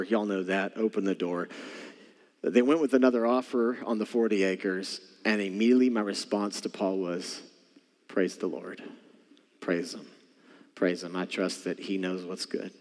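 A man's voice: lowish voice, moderate pace, a little mellow. A male pastor preaching a sermon, telling a story with animation and speaking straight to his congregation. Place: church sanctuary. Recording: church hall with long reverb.

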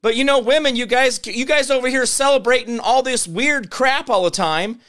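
Brief: male show host, high, bright voice, sarcastic ranting commentary. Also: moderate pace, few pauses, smooth.

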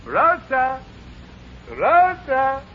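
A man's voice: very high-pitched, big pitch swings, extremely slow, exaggerated voice. An actor playing a bossy, scheming Italian father who blusters in broken English, with an Italian accent, in 1940s radio sitcom acting. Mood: blustering. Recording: dull 1940s radio broadcast, clear studio audience and hiss.

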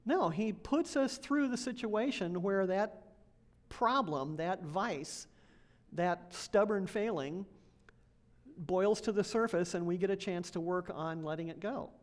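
A woman's voice: mid-range voice, slow pace, a little mellow. A woman, an associate pastor, preaching a conversational sermon in a church, laughing now and then and checking in with the congregation. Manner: conversational, laughs often, asks congregation questions.

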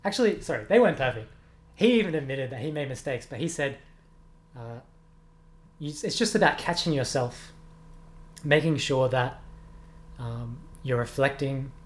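A man's voice: medium pitch, expressive, moderate pace, long pauses. A young man, a music teacher giving earnest, reflective interview answers with many ums. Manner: earnest, reflective, with frequent ums and self-corrections.

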